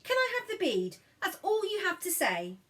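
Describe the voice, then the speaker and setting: Spirited storybook little girl, high and lively; woman narrator doing the voice. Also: moderate pace, exaggerated voice. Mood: coaxing. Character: feisty chatty little girl.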